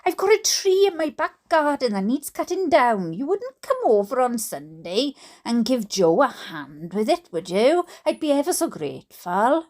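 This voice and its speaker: A cheery, coaxing schoolteacher with a Welsh accent, her voice lifted high and bouncing lightly as she talks someone round, put on by a woman reading a book aloud. She speaks in a chatty, neighbourly way with plenty of sing-song lift. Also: big pitch swings, normal speed, hardly any pauses, a little mellow.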